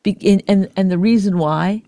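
A woman's voice: medium pitch, moderate pace, mellow, dry recording. A woman with a Canadian accent co-hosting a podcast in casual chat, pressing her point with pointed, probing questions. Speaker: podcast co-host.

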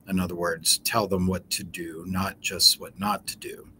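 Low-voiced man teaching with frequent ums. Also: a little fast, few pauses, a little hiss or hum. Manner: relaxed, explanatory, frequent ums. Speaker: educator. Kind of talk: informal teaching talk.

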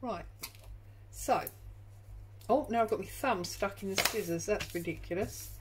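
A woman talks through a crafting project at an unhurried pace, musing aloud and adding little asides as she goes. Her voice sits at a middling pitch. Faint ambient noise hums under her speech. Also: poor audio. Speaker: junk journal crafter and channel host. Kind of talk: crafting tutorial chat. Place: home craft room.

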